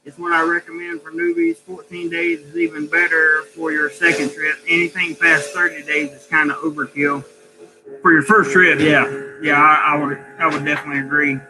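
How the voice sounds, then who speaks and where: A man hosts a loose live stream, reading his viewers' comments aloud and replying to each in an easy, relaxed way. His voice sits a bit high for a man. Music plays clearly underneath him. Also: moderate pace, low-quality recording. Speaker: vlogger reading live chat. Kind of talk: casual live stream chat. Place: rental home with contractors working.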